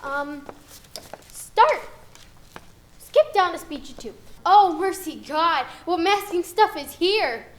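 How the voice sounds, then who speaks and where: A woman's voice: extremely high pitch, very animated, slow pace, long pauses, exaggerated voice. A woman playing a fussy, theatrical female drama teacher who coaxes her students and calls them dear, in a student film. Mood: theatrical coaching. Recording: roomy echo.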